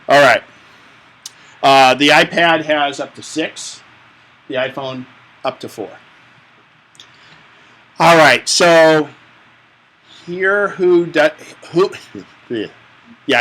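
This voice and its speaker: A man's voice: medium pitch, a bit bright, poor audio. A man teaching a live tech class, explaining step by step in a chatty, joking way. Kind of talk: hands-on tech class instruction.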